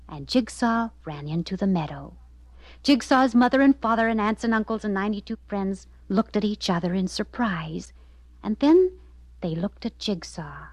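A woman narrating a children's story aloud in an expressive, lively way. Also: mid-range voice, moderate pace, dry recording.

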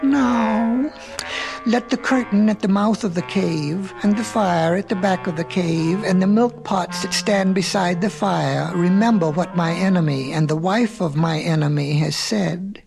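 A man's voice: high voice, unhurried, creaky, darkish tone, faint music behind. A man voicing a proud, sly cat. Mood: solemn. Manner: cunning, wheedling when it suits him. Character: proud, sly male cat who walks alone. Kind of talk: storybook reading.

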